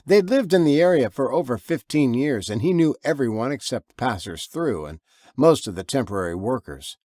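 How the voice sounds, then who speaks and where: A man narrating his own horror novel in an expressive, lively way. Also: moderate pace, no room sound, studio quality. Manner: lively, expressive reading, with low growled voices for the father. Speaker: author and narrator.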